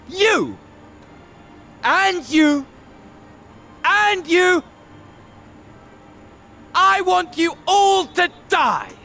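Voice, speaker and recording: An actor playing a raving nihilistic male villain who wishes death on everyone, with unhinged, gravelly shouting. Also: extremely high pitch, full character voice.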